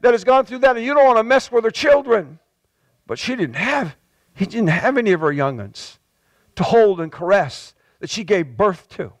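A male pastor with a New England accent preaching a fervent sermon, stacking repeated words and swelling into shouts. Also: no room sound. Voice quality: high-pitched and impassioned, repeating words as he builds.

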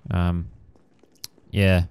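Casting note: young male gaming host, loose rambling commentary, lowish voice, very clean tone. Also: monotone, extremely slow, darkish tone, smooth, dry recording. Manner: rambling with many fillers and casual swearing. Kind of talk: casual let's-play commentary.

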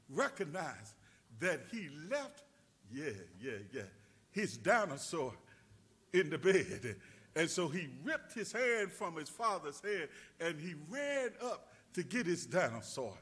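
A male pastor preaching a sermon with fervent delivery that rises to shouts. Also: sits high, big pitch swings, unhurried, slightly rough.

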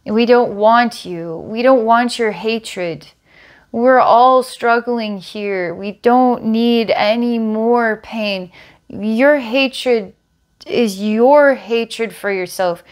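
A woman voicing a big brute spirit that speaks in slow, firm declarations. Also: a little high.

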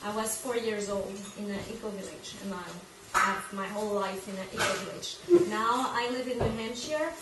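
This guest presenter is a woman from Quebec whose first language is French, and she speaks English with a French Canadian accent. Her voice is medium-pitched, her pace normal with hardly any pauses, and she sometimes hunts for English words in this informal talk. She was recorded from far off in an echoey room with background noise.

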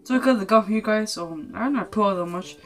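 A woman's voice: mid-range voice, quick pace. Woman, rambling vlogger, casual, says guys constantly, phone camera at home, faint music behind. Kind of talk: casual DIY food vlog.

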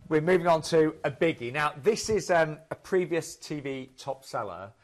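A man co-presenting a live TV cruise show, pushing the deals in brisk, upbeat sales talk. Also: fairly high pitch.

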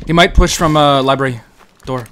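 A young man streaming a shooter game, calling out enemy positions in casual, quick bursts. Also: medium pitch. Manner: quick tactical callouts, bursts of chanted shouting. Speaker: gamer streamer. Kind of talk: casual gaming callouts. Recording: faint background noise.

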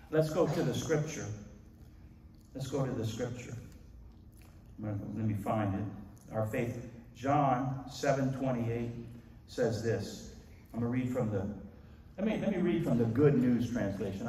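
A male pastor preaching an animated sermon, his voice booming when he quotes scripture. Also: a little hiss or hum. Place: large church hall. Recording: echoey hall, voice from far off.

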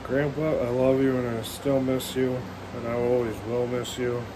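A young man in his late teens with a hoarse voice, still getting over a cold, talking casually to his vlog viewers and calling them "guys" again and again. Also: mid-range voice, flat delivery, normal speed, noisy background. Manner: keeps addressing viewers as "guys". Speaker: vlogger. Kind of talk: casual vlog talk to camera.

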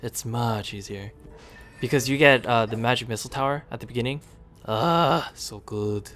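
A man keeps up easy running commentary as he plays, his voice sitting at an ordinary middle pitch. He chats to the screen and cheers the little figures on, now and then breaking into a sudden excited shout. Soft game music plays faintly underneath. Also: fairly quick. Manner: chatty, talks to the game units, sudden excited outbursts. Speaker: gaming video creator. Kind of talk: casual gameplay commentary.

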